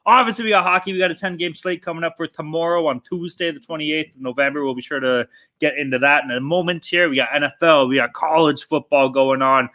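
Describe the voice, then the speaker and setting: A man with a high, sharp, bright voice rants through a casual sports betting podcast. He swears constantly and talks in a loose, worked-up way. He sounds tired. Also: steady tone, fast talker. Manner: profane, ranting, heavy swearing. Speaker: podcast co-host.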